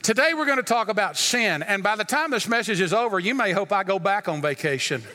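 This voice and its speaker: A man's voice: high voice, lively intonation, brisk, sharp tone, big-room sound. A male pastor preaching a sermon earnestly, with emphatic rises.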